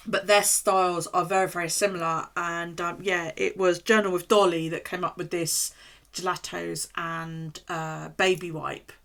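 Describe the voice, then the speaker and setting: A woman's voice: on the low side, creaky, fairly bright tone. Chatty, sweary woman streamer. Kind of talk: casual live-stream chat. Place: home.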